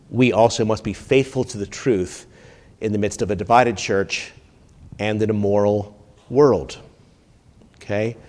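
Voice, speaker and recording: A male pastor giving a teaching sermon, climbing much higher and louder when he reads quotations and dropping low and quiet on his asides. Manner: teaching tone, rises sharply when quoting, drops low on asides. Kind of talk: expository sermon.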